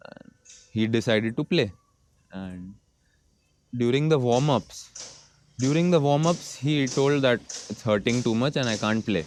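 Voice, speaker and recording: A man's voice: mid-range voice, moderate pace, a little hiss or hum. A young man with an Indian accent, telling stories as a guest in a casual podcast conversation and slipping Hindi into his English. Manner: relaxed storytelling, mixing Hindi into English. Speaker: guest, football goalkeeper.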